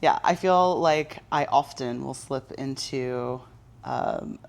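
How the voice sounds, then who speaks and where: A woman's voice: very deep voice, takes it slowly, creaky. A young woman co-hosting a casual podcast, trading dry, playful quips. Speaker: podcast co-host. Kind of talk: casual chat.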